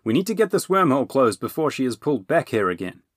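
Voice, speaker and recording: A man voicing a brisk, resourceful male wizard who gives urgent commands. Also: mid-range voice, very animated, no room sound, clean studio sound, pitched above the performer's own voice.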